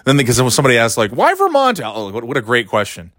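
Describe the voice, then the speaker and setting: A man's voice: mid-range voice, very fast, fairly bright tone, no echo, clean studio sound. A man hosting casual commentary, sarcastic and rambling, with frequent swearing. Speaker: commentary host.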